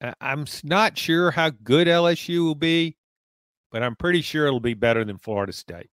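A man's voice: fairly high pitch, normal speed, fairly bright tone, smooth, dry recording. A man from Louisiana co-hosting a sports podcast, ribbing his partner in a mock-stern way. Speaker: podcast co-host, columnist. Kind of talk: casual sports podcast chat.

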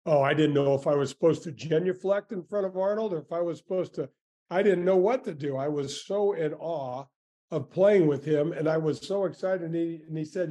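A man in his sixties tells his stories with gusto, circling back and restarting his sentences. His voice is warm and mellow and sits a little high. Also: a little fast. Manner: animated storyteller with many restarts and "man" asides. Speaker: former tour golfer, guest. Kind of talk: storytelling interview answers.

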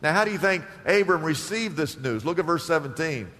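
A man preaching a sermon as pastor, animated, acting out the scripture scenes he retells. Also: fairly high pitch, a little fast. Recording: long hall reverb.

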